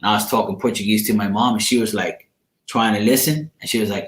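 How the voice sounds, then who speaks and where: Fast and lowish, his voice rolls on as the tired tarot reader banters bluntly with his live audience, swearing freely and joking around. The recording has a roomy echo.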